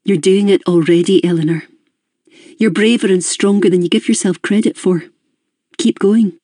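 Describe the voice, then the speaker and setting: A woman voicing a gentle therapist. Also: medium pitch, steady tone, normal speed, dry recording, clean studio sound, natural voice. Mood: calm, gentle. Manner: soft, reassuring. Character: calm gentle female therapist.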